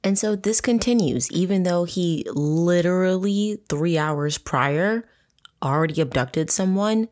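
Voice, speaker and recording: Woman, true crime podcast host, fairly low voice, casual, profane, animated. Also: measured pace.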